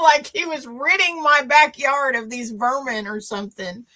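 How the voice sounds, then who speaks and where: A woman's voice: high-pitched, moderate pace, hardly any pauses, a bit bright. A woman co-hosting a podcast, telling a story in a rambling, emotional way with many restarts. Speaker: podcast co-host. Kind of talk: casual chat.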